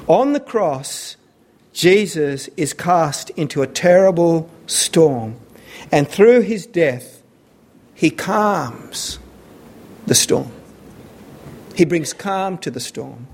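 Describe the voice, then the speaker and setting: A man's voice: on the high side, expressive, very slow, long pauses, darkish tone. A man preaching a sermon, earnest and repeating phrases for emphasis.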